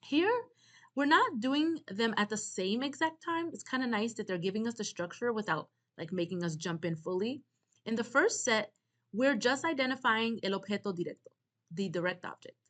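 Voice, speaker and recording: A woman's voice: on the high side, animated, normal speed, fairly bright tone. Woman teaching a grammar lesson. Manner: explains step by step, talks to students. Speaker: Spanish teacher. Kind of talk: instructional lecture.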